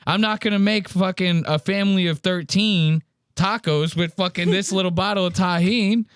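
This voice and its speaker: A man's voice: high-pitched, normal speed, a bit bright, clean tone, dry recording, studio quality. A man casually reacting to podcast clips with profane, joking asides.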